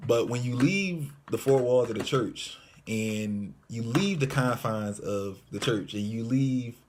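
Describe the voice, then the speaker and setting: A man's voice: medium pitch, slow pace, darkish tone, a little hiss or hum. A man, a mime minister, venting candidly and from the heart in a personal video monologue from his apartment, often repeating his phrases. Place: apartment room with white walls.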